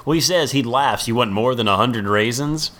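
A man's voice: mid-range voice, normal speed, a bit bright. A man co-hosting a podcast, casually recapping a sitcom and acting out the characters' lines in comic voices. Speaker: podcast co-host.

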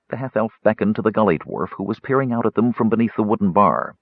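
A man reading a fantasy audiobook with an expressive, varied delivery. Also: on the low side, fast talker, vocal fry, hardly any pauses, no room sound. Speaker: audiobook narrator. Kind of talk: scripted fantasy narration. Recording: slightly dull audiobook recording.

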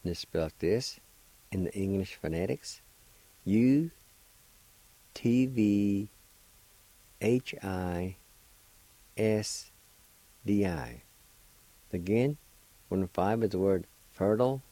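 A man hosting a radio language lesson, spelling out words letter by letter and repeating each pronunciation slowly and deliberately. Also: lowish voice, warm tone, dry recording, rough recording. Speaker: radio host teaching vocabulary.

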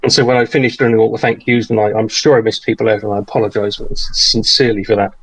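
Man, podcast co-host, lowish voice, halting, repeats words, formal politeness. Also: steady tone, a bit bright, husky, low-quality recording. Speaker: podcast co-host and charity tournament organiser. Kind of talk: casual podcast chat.

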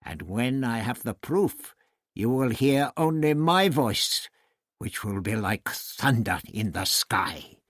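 Brief: man reading a scowling priest villain, husky snarl, animated swings, over soft music. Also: mid-range voice, slow, dry recording, studio quality. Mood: menacing. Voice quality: growling, snapping. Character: menacing scheming male high priest villain. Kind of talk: audiobook character reading.

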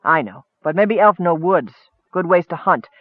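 A man's voice: high voice, lively intonation, moderate pace, dry recording, highs cut off. A man voicing a nervous male goblin hunter who talks in choppy broken grammar, in an audiobook.

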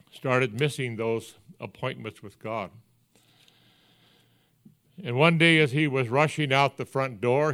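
Older man preaching in a hushed earnest voice. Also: medium pitch. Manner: earnest, folksy storytelling with quiet hushed passages. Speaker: pastor. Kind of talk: sermon storytelling.

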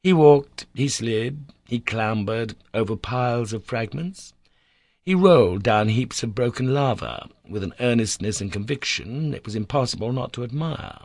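A man reading a classic adventure novel aloud as an audiobook narrator, measured and storytelling, lifting his voice for emphasis. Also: lively intonation, darkish tone, no echo. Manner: measured storytelling, lifts pitch and volume for emphasis.

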